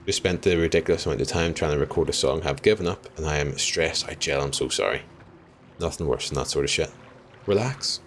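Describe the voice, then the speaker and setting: Low-voiced Irish man streaming a game. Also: brisk, a little hiss or hum. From Ireland. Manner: chatty, laughs often, apologetic. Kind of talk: live gameplay commentary chatting with viewers.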